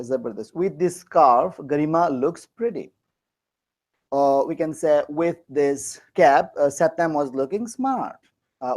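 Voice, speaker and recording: A man's voice: fairly high pitch, a little mellow, low-quality recording. A man from Bangladesh teaching a class, teasing and joking as he quizzes his students. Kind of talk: classroom lecture.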